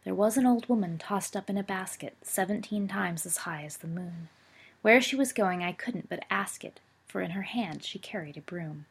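A woman voicing a timid little boy in a storybook reading, singing softly under his breath. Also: medium pitch, normal speed, breathy edge. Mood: hushed singing. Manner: soft sing-song, giggly. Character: timid small boy, younger brother, gentle.

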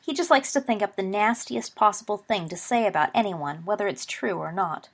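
A woman's voice: mid-range voice, a little fast, gravelly. A woman voicing a firm, cool-headed teen boy. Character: earnest, protective teenage boy.

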